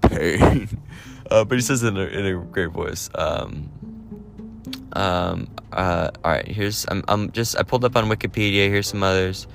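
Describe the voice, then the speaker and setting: Deep-voiced guy rambling about movies, lots of ums and likes, faint music behind. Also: normal speed, creaky, fairly bright tone. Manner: rambling, full of fillers and restarts. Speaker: movie vlogger. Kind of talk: casual chat.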